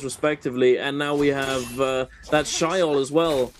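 A man's voice: a little high, fairly even intonation, normal speed, few pauses, a little hiss or hum. Chatty, wry esports analyst man. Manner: chatty, explanatory, wry, with many fillers. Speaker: esports color commentator.

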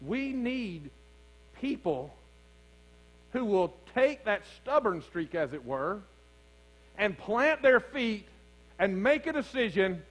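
A man preaches to his congregation in a higher register, leaning into calls and challenges as the fervor builds. A faint mains hum sits under his voice in the church. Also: big pitch swings, slow pace, long pauses, fairly bright tone, low-quality recording. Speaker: pastor. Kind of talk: sermon. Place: church sanctuary.

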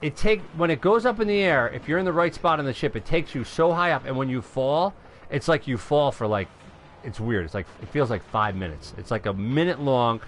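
Excitable man commentating gameplay live. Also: medium pitch, brisk, slight background noise. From New York. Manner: excitable, shouts at wins, talks to viewers as folks. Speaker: gaming live streamer.

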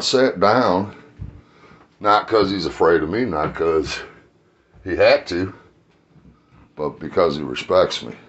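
A middle-aged man telling rambling, profane stories about his family in a casual vlog, laughing at his own jokes. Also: low-pitched. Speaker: vlogger telling life stories. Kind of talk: casual storytelling. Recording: dull lo-fi sound with faint ambience.

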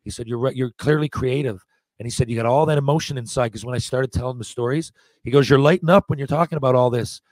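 Forties guy on a podcast spinning stories, mid pitch, dry close sound, keeps restarting lines and acting out quotes. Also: quick pace, dry recording. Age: 40s. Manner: animated anecdote-telling, acting out quotes, frequent restarts. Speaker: podcast guest, former hockey player. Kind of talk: casual storytelling.

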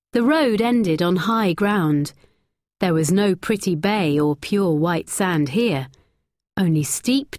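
A woman narrating a graded-reader story slowly, clearly and expressively. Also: fairly low pitch, a little mellow, no echo, studio quality.

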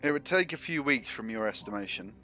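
A man acting as game master in a casual tabletop session, narrating and answering players with quick mm-hmms. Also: mid-range voice, lively intonation, pushed and bright, soft background music.

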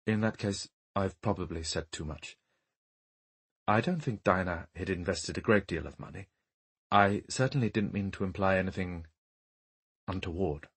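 A polite, guarded gentleman who weighs every word, his voice deep and husky, as a man puts him on. He speaks formally and slowly, choosing courtesy over bluntness, like a figure in a read-aloud mystery. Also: heavily acted. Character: courteous, carefully measured male mourner.

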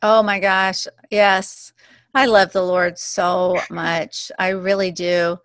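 A counselor guesting on a faith podcast, this woman speaks warmly and from the heart, painting vivid pictures as she talks. Her voice sits a little low, recorded close and dry with no room echo. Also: flat delivery, slow, clean tone. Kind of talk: faith-based podcast conversation.

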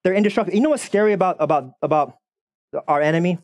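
Animated, sarcastic man preaching a sermon. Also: high voice, very fast. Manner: animated, sarcastic, repeats words when fired up. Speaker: pastor.

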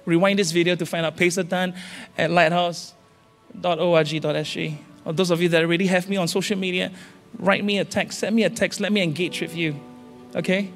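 A man preaching with urgent, repeated exhortations, his voice pitched high for a man. His sermon rings through a large church hall with a long reverberant tail. Soft music drifts faintly underneath. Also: steady tone, fairly quick. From Singapore. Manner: urgent, repetitive exhortations with rising calls. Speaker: senior pastor. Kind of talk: impassioned sermon.

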